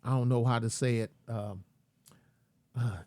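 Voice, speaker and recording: A man's voice: mid-range voice, fairly even intonation, a little slow, warm tone, dry recording, studio quality. A man hosting his own channel, ranting in a folksy, rambling, slangy way. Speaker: channel host. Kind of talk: casual rant commentary.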